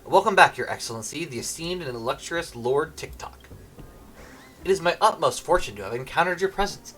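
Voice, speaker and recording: A man reading a gushing, flattering servant from a game aloud. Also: a little high, brisk, faint music behind, pitched above the performer's own voice. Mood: fawning. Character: flattering fawning male servant.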